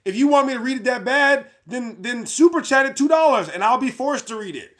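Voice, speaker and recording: A man's voice: extremely high pitch, expressive, fairly quick, fairly bright tone. A man hosting a livestream, reading chat comments aloud in a brash, mocking way and laughing at his own jokes. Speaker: livestream host.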